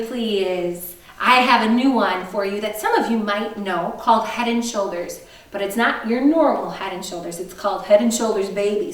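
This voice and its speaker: A woman music teacher leading a kindergarten lesson, talking in a slow, sing-song, animated way and breaking into song. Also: mid-range voice, echoey room, recorded from a distance.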